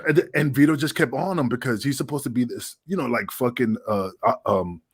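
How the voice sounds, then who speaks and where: A former wrestler guesting on a podcast speaks fairly quickly in a husky, medium-pitched voice. He tells rambling, profane stories in a casual way, laughing as he goes.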